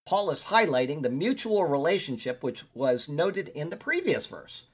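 This pastor's husky voice is a little high and very animated, moving at a moderate pace. Teaching a Bible study, he chats easily, digresses as he hunts for verses, and reads scripture aloud emphatically.

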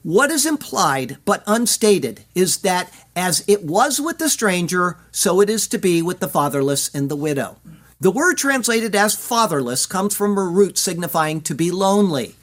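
A Bible teacher works through scripture verse by verse in a measured, deliberate sermon voice. Hebrew words are pronounced carefully along the way, and now and then the teacher turns to the listeners with a direct question. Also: medium pitch, big pitch swings.

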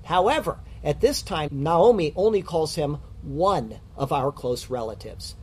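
A man with a husky, somewhat high voice preaches a sermon. He teaches earnestly, reading scripture and posing questions to his listeners. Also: expressive, a little slow. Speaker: pastor.

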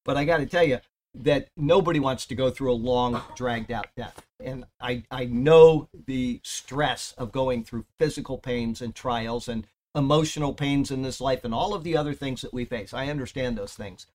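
A man's voice: mid-range voice, normal speed, darkish tone. Man teaching a casual Bible study sermon. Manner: conversational, reads scripture aloud with emphatic rises; jokes with listeners between verses. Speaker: pastor.

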